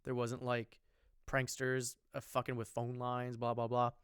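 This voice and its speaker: Man, podcast co-host, casual chat, rambling, swearing, smooth clear voice, dry close sound. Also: medium pitch, completely flat delivery, a little slow, a bit bright, no echo. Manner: rambling, profane, lots of ums and restarts.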